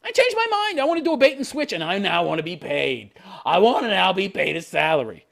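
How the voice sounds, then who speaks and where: A man voicing a whiny, entitled young stay-at-home mother in a high mocking falsetto. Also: big pitch swings, fairly quick, creaky, a bit bright, exaggerated voice.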